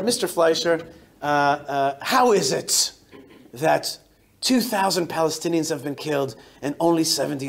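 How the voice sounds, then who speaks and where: A rabbi addresses a synagogue crowd in a fairly high voice. His storytelling is emphatic and lively, with sentences that stop and restart. He speaks to the room as he would at a live talk. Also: a little hiss or hum. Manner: animated, emphatic storytelling with frequent self-interruptions. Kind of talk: speech to a synagogue audience. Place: synagogue hall.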